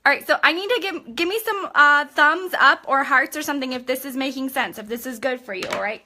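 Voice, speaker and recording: A woman's voice: sits high, brisk, hardly any pauses, sharp tone. A young woman giving an upbeat live-streamed coaching talk as a sales team trainer, chatty and constantly checking in with her listeners.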